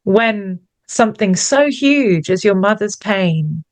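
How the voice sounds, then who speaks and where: A woman's voice: medium pitch, animated, slow, no room sound. A woman co-hosting a podcast, speaking in a reflective, searching way about feelings, often restarting her sentences. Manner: thoughtful, searching, with many restarts. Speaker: podcast co-host. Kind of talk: reflective conversational chat.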